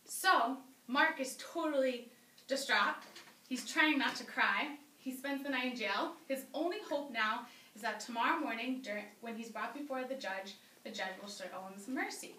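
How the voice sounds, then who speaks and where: A woman tells a comic story live in an animated, playful way. Her voice is high and bright. The sound is roomy and distant, with a faint background hum. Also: normal speed.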